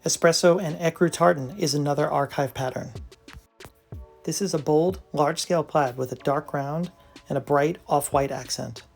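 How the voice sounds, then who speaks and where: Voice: medium pitch, normal speed, vocal fry, soft background music. A brand presenter giving a scripted product narration in an enthusiastic, admiring way.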